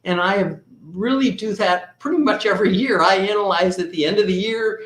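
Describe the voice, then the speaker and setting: A man with a slightly raised pitch recounts an anecdote as a business advisor, acting out both sides of the conversation. His voice carries a noticeable room echo. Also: brisk, a bit bright. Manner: anecdotal, replays dialogue in his story. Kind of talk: storytelling in a podcast conversation.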